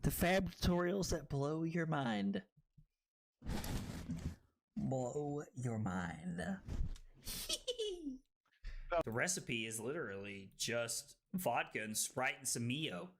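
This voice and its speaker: A young woman streaming and commentating a card game tournament, animated and quick to laugh. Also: a bass voice, slight background noise.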